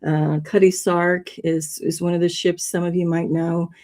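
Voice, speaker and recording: A woman's voice: on the low side, level tone, measured pace, dark tone. A woman hosting a livestream, talking casually and rambling a bit, with frequent laughs. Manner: rambling, chatty, laughs often. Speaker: livestream host. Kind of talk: casual presentation.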